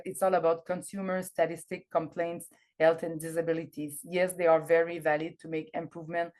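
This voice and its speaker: A woman's voice: on the low side, level tone, moderate pace, a little mellow. A woman speaking English as a second language, giving an academic presentation over a video call, hesitant with many fillers and restarts. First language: not English. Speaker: conference presenter.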